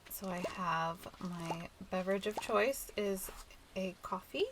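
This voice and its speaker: A woman with a nasal, stuffed-up voice, chatting softly and rambling as she hosts a relaxed game playthrough. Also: mid-range voice, slow pace, background noise. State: stuffy nose. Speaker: let's play host. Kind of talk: relaxed gameplay commentary.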